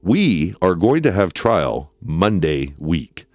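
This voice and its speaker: A man voicing a weary, patient judge who speaks calmly and deadpan, in a dramatic reading of a trial transcript. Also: slow pace, no echo, faint music behind, heavily acted. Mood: stern. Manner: calm, deadpan, low-key.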